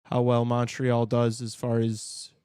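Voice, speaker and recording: A man hosting a casual live talk show, reacting to a hockey game with excited outbursts and jokes. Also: mid-range voice, unhurried, smooth, dry recording, studio quality. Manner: excitable, shouts at big plays, joking. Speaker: podcast host watching a hockey game.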